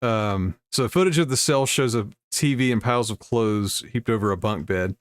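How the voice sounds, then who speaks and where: A man's voice: fairly low pitch, moderate pace. A man on a livestream, casually reading news stories aloud and breaking off with laughing asides to his chat.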